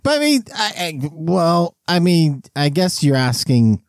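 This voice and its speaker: A man's voice: fairly high pitch, sing-song, unhurried, no room sound. A man with a slightly raised voice co-hosts a casual podcast, wandering through his points with jokes and self-interruptions. The recording is dry and close. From Fresno, California. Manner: rambling, self-interrupting, jokey. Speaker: podcast co-host. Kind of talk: casual chat.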